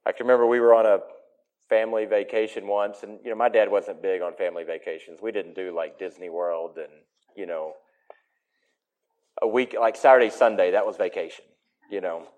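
A man preaching a sermon in an emphatic way, his voice swinging between loud and soft. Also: on the low side.

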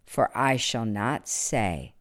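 A woman voicing a calm, gentle male visitor who speaks softly and slowly. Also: rumbling low, pitched below the performer's own voice, exaggerated voice. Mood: solemn. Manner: soft, slow and hushed.

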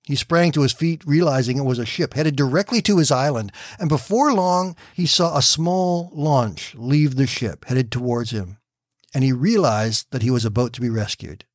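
A man hosting a short morning devotional, calmly telling a story and explaining a Bible passage. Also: mid-range voice, no echo, studio quality. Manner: calm, reassuring storytelling. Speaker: devotional radio host.

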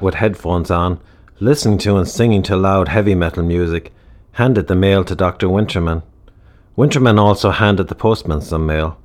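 A man narrating a dark comic story in a wry, measured storybook style. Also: deep voice.

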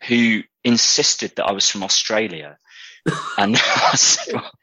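A low-pitched British man with a husky yet bright edge to his voice, speaking in a relaxed, thoughtful way as an interview guest. The sound is dry and close. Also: a little slow, no echo, poor audio. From Britain. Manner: thoughtful, with frequent restarts. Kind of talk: casual conversational interview.

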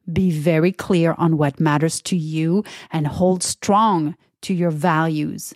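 A woman's voice: on the low side, darkish tone, no room sound, studio quality. A woman hosting a spiritual self-help talk, earnest and soothing as she guides the listener. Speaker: podcast host.

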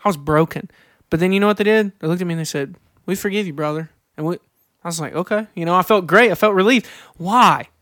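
Earnest high-voiced guy on a church podcast, reads scripture slow, dry close sound. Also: a bit bright, no echo. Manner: earnest, reads scripture slowly, confessional storytelling. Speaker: podcast co-host. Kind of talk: faith podcast conversation.

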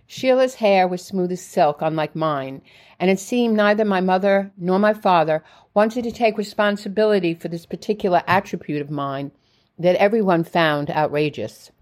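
A woman narrating her own memoir in a steady storytelling voice. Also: fairly low pitch, moderate pace. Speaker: memoir reader.

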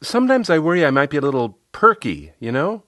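A man's voice: fairly high pitch, sing-song, fast, a bit bright, no echo, clean studio sound, pitched above the performer's own voice. A man putting on a perky young professional woman. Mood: curious. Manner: lilting, slightly perky.

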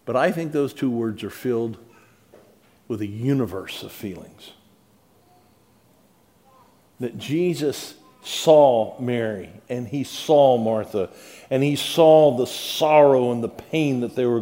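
A male pastor preaching in a conversational way, repeating words and swinging between soft, quiet passages and louder, emphatic ones. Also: medium pitch, takes it slowly. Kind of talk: sermon.

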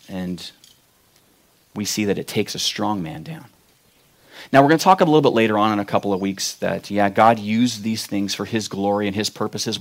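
A man preaching a sermon, retelling a Bible story with acted-out quotes and loud, emphatic peaks. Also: fairly low pitch. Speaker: pastor.

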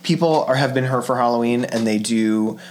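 A woman co-hosting a podcast, chatting casually and excitably while watching a movie, with swearing asides. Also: a bass voice, brisk, slight background noise. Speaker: podcast co-host.

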